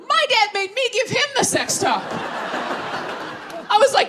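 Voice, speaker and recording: A young woman performing stand-up comedy on stage, animated and self-mocking, with quick asides and crowd work. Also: very high-pitched. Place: live theater stage with audience. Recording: live show, audience laughter and room noise.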